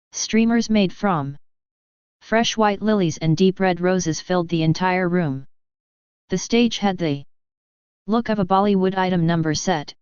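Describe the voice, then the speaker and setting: A woman narrating a novel in the first person with a measured, even reading. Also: fairly low pitch, clear, resonant tone, dry recording. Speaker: audiobook narrator. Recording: dull, dry lo-fi audio.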